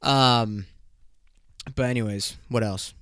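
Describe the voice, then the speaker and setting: A man's voice: medium pitch, fairly even intonation, slow, fairly bright tone, clear, resonant tone, dry recording, clean studio sound. A young man hosting his own podcast, chatting casually in slangy, profane talk and laughing often. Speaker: podcast host. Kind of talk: casual solo podcast chat.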